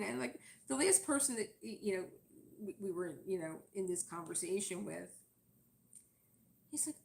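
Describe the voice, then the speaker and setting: A woman's voice: medium pitch, normal speed, creaky, pauses often, a little hiss or hum. A woman chatting casually and at length as she works on a craft project during her livestream, rambling and laughing often. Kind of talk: casual chat while crafting.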